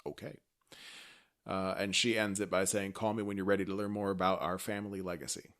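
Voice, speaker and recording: Male podcast co-host, low-ish voice, chatty and excitable fan energy. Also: fairly quick. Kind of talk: casual chat recapping a TV episode.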